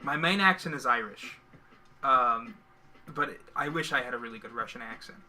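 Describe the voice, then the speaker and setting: A man's voice: medium pitch, moderate pace, bright, forceful tone, soft background music. A man co-hosting a casual livestream, rambling and joking as he trails off mid-thought, on one microphone shared between two hosts. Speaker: co-host of a livestream. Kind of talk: casual chat while painting miniatures.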